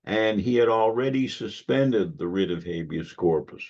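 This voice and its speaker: A man giving a history lecture to a club audience, measured and given to wry asides. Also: on the low side, expressive, darkish tone. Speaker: guest lecturer. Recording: dull lo-fi recording.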